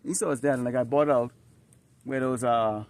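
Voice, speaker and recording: A man's voice: medium pitch, steady tone, normal speed. Emphatic man preaching outdoors. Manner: emphatic, repetitive, peppered with "Huh?" and "All right?". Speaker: street preacher. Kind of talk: outdoor sermon with scripture reading. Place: outdoors, dusty and slightly windy.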